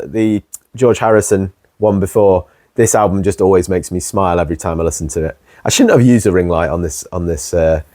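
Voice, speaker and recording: Lower-voiced man chatting casually. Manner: relaxed and rambling, many ums, warm enthusiasm. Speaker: host. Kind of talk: casual chat showing his record collection.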